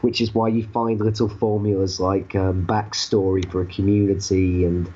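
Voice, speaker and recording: A young man co-hosting a casual review podcast from his bedroom, animated and lively in retelling. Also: deep voice, lo-fi sound, a little hiss or hum. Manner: animated retelling with quick voice impressions. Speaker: podcast co-host.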